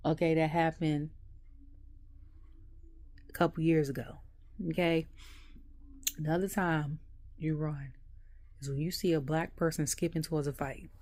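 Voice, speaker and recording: A woman vlogging a casual wrestling recap at home, an animated storyteller who laughs often. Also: deep voice, no room sound. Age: adult.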